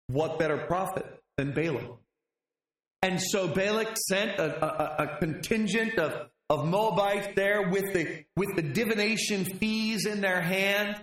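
A male preacher delivers a sermon in a fairly high voice, retelling a scripture story with animated storytelling and dramatic pauses. His voice carries the ring of an echoey room.

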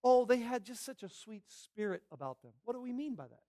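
A man's voice: very high-pitched, animated, fairly quick, mellow. A man preaching a Sunday morning sermon as pastor, emphatic, repeating phrases and asking the congregation questions.

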